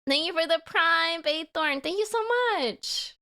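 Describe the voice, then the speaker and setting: A woman's voice: very high-pitched, unhurried, pushed and bright. A young woman from Saskatchewan chatting casually on a live stream, giggling often and swearing lightly as she reads chat. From Saskatchewan, Canada.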